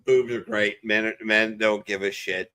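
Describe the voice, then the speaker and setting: A man's voice: fairly low pitch, little pitch movement, unhurried, sharp tone. Man, former marine, swears a lot, rambling stories, video call chat. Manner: profane, rambling storyteller. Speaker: veteran show host. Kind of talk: casual chat.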